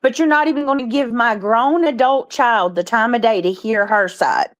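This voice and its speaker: A woman's voice: fairly high pitch, moderate pace. A middle-aged woman from Georgia, a mother speaking on a casual live panel, blunt and profane with an emphatic drawl.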